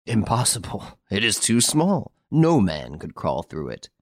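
A man reading an audiobook, voicing a proud, excitable middle-aged count who turns petulant and stammering. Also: on the low side, unhurried, no echo, studio quality, full character voice. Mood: imperious. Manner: petulant, then stammering and shaken.

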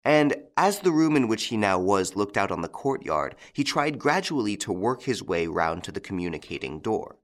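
Expressive man narrating a novel. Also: on the low side, moderate pace, hardly any pauses. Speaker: audiobook narrator. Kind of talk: scripted narration.

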